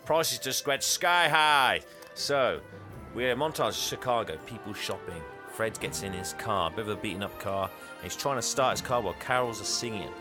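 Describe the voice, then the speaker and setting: A man's voice: fairly low pitch, brisk, music in the background. A man co-hosting a podcast, rambling and giggly as he recaps a film in casual chat.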